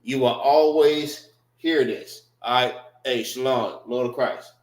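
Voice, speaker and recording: In a roomy-sounding space, a male class instructor with a medium-pitched voice speaks slowly through a lesson on writing and pronunciation. He patiently repeats words and spells them out letter by letter.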